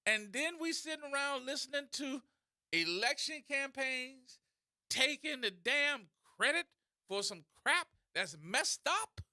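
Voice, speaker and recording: Animated, bright-voiced New radio host. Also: male voice, extremely high pitch, a little slow, dry recording, studio quality. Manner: animated, mocking rant that slips into imitation voices. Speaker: radio talk show host. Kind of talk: talk radio commentary. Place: radio studio.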